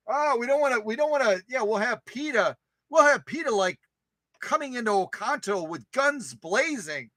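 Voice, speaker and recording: With a very high-pitched voice and a slightly slow delivery, the host of a sewing machine live stream chats casually with viewers. He is animated, exclaiming and cracking jokes, and the recording has no room sound.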